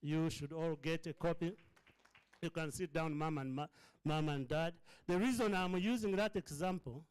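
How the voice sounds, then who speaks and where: A man's voice: a little high, moderate pace, darkish tone, clear, resonant tone, rough recording. A middle-aged man, giving an impassioned fundraising speech as the founder of a charity, speaking like a preacher at a hotel breakfast event. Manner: preacher-like, building to fervent emphasis and repetition.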